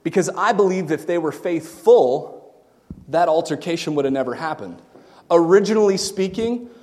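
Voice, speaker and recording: Lively, high-voiced man preaching a sermon. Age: adult, married. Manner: swings from quiet asides to shouted excitement; playful, laughs at his own jokes. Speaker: pastor. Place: church sanctuary. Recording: long reverb in a church hall.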